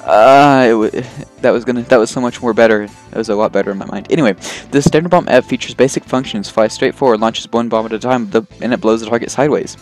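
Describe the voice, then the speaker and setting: A man talking through a video game in a casual, rambling way, full of fillers and self-deprecating jokes. His pitch sits in an ordinary middle range. Faint game music plays underneath. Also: fast, few pauses. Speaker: let's play host. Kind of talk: casual gameplay commentary.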